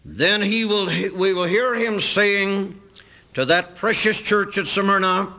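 Male preacher, bright clear tone, measured scripture reading. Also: high-pitched, fairly even intonation, low-quality recording. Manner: earnest, quotes scripture in slow measured cadence. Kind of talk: sermon.

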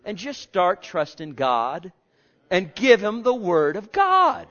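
A male preacher with a somewhat high voice delivers a fervent sermon. He drifts between soft, intimate murmurs and loud, ringing exhortations. The recording is dull and lo-fi. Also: huge pitch swings, slow.

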